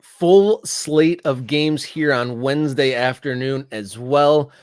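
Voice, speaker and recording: A man's voice: medium pitch, clear, resonant tone, no echo. Easygoing soccer cohost guy, lots of uh and you know, dry close mic. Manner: halting, filler-heavy, easygoing. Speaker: soccer show co-host. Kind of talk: casual sports talk.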